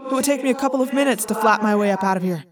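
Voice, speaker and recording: A woman voicing a calm, practical teenage boy in a storybook reading, explaining plainly. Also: on the high side, racing, crowd noise, close to an everyday voice. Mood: resigned.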